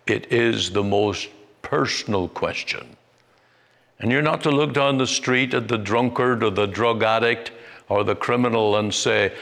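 A man preaching a sermon as a Bible preacher, deliberate and emphatic, with long pauses between phrases. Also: on the low side, gravelly, a bit bright. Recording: long hall reverb.

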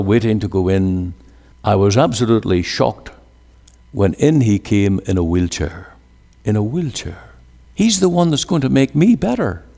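Slow, deep-voiced male preacher in a hall. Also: creaky. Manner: emphatic preaching, rising to high fervent peaks, dropping to hushed lows. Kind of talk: sermon.

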